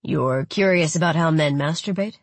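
A woman reading aloud, voicing a domineering, menacing giant of a man who growls and mutters threats in a lowered voice. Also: normal speed, dry recording. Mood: threatening.

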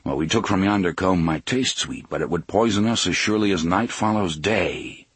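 A man voicing a weathered gunslinger leader, speaking in a measured, solemn, old-fashioned way. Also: low voice, breathy edge, no room sound. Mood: grave.

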